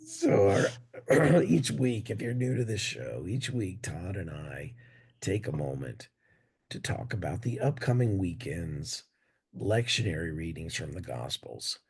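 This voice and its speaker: A man with a very low, gravelly voice, worn hoarse and husky by laryngitis. He co-hosts a relaxed religious conversation, his delivery rising and falling with lively inflection despite the croak. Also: unhurried. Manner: self-deprecating, conversational. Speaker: podcast co-host. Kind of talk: casual religious discussion.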